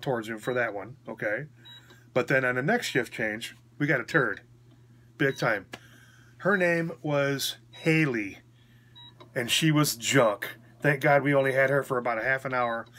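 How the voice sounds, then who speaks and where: A man vlogger, recovering after a hospital stay, tells a story in a casual, frank, rambling way and keeps checking in with his listener. His mid-range voice is bright with a forceful tone.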